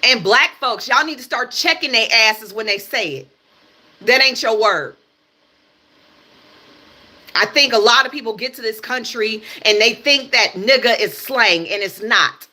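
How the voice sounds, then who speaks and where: A woman's voice: on the high side, expressive, a little slow, pushed and bright. A young American woman hosting a livestream, delivering a heated, blunt and profane rant and hammering her points with repetition. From United States. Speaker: livestream host.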